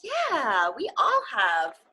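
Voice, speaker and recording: A young adult woman hosting a children's story reading, animated and speaking directly to the kids. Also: high-pitched, very slow, breathy edge, low-quality recording. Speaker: sports arena host reading to children.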